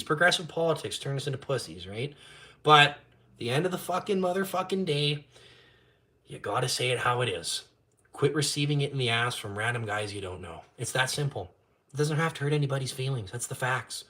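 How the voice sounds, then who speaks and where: Forceful, foul-mouthed man ranting. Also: medium pitch, lively intonation, fairly quick. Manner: crude, swearing heavily, mocking. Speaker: live streamer. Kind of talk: casual profane rant on a live stream.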